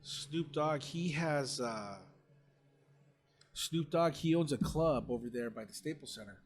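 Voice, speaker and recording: A man co-hosting a podcast about security work, chatting casually and telling lively stories, swearing freely. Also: fairly high pitch, unhurried. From United States. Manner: excitable storyteller, swears freely. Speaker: podcast co-host, security supervisor. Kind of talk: casual chat.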